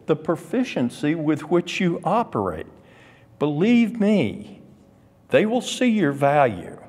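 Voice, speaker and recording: A man teaching Scripture to a class, moving slowly and deliberately through each point. His pitch swings widely as he draws out and leans on key words. His voice trails in a long hall reverb. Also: darkish tone. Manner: emphatic, drawn-out stresses on key words. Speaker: Sunday school teacher.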